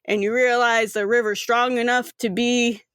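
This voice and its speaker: A woman's voice: on the high side, flat delivery, normal speed, fairly bright tone, clear, resonant tone, no echo, clean studio sound, natural voice. A woman voicing a brash young male mutant who scolds bluntly. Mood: accusing.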